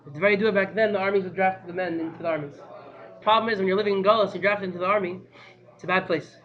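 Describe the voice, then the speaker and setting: A man teaching a class by telling a story in an animated, excitable way, repeating phrases for emphasis. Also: high-pitched, fast, long pauses, highs cut off.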